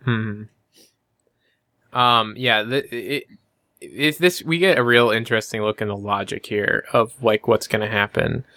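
A man's voice: on the low side, unhurried, pushed and bright, no echo, clean studio sound. A man co-hosting a casual book discussion podcast, recapping chapters in a rambling way with many fillers. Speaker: podcast co-host.

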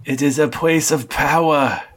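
A man's voice: a little high, unhurried, fairly bright tone, slightly rough, pitched above the performer's own voice. A man voicing a small injured cat who turns his R's into W's and talks in a solemn, pleading way. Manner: lisps R as W. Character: small wounded talking cat, pleading and dramatic.

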